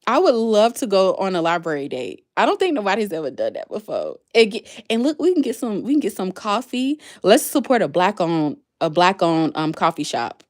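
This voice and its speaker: Woman, livestream host, casual chat, answers viewer comments, animated pitch. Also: moderate pace, few pauses. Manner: chatty, reads and answers comments aloud.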